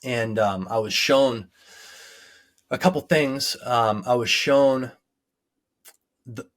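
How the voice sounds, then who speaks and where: A man, a guest in an interview, telling a personal story in a sincere, halting way with many pauses and ums. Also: medium pitch, a bit bright. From United States. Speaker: guest recounting a near-death experience. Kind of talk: earnest personal testimony.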